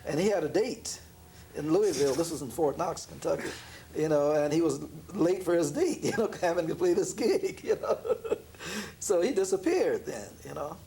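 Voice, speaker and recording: A man, a jazz pianist being interviewed, telling a story in a relaxed way, laughing often and acting out the voices of the people in it. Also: a little high, normal speed, creaky, slight background noise. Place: room in an apartment.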